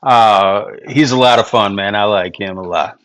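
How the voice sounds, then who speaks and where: A man's voice: on the low side, moderate pace, a bit bright. A man co-hosting a casual sports show, easygoing and chatty, leaning on fillers. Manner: easygoing, lots of fillers like you know. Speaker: podcast co-host.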